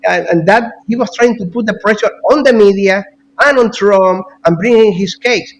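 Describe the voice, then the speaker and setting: A man talking as a guest analyst in casual political commentary, animated, repeating words and now and then coughing. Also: high voice, normal speed, slight background noise, low-quality recording.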